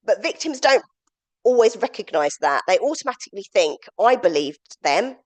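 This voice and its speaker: A woman's voice: medium pitch, sing-song, normal speed. A woman leading a domestic abuse awareness training session, explaining steadily with frequent ums. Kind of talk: training talk.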